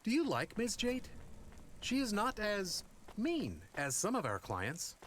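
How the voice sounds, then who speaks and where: An actor voicing a curious, deadpan robot dog companion who speaks in a literal, matter-of-fact way, heard as video game dialogue. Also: male voice, high-pitched, slow, a little hiss or hum, heavily acted. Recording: game audio with loud music.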